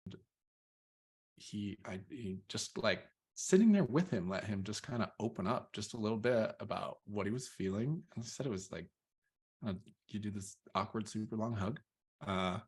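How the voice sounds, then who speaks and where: A father in his thirties tells a parenting story in casual chat, rambling and relaxed with plenty of fillers. His voice is lowish and slightly rough, at normal speed.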